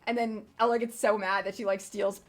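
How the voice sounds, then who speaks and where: A woman's voice: mid-range voice, flat delivery, brisk. A young woman streaming a video game, chatting casually in a rambling way, with lots of fillers and casual swearing. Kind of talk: casual gameplay commentary.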